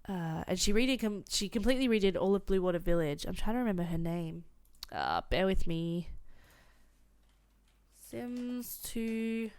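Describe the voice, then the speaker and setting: A woman's voice: medium pitch, lively intonation, moderate pace, darkish tone, clean tone. Chatty woman commenting on gameplay. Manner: chatty, giggly, thinks aloud. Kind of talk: casual let's-play commentary.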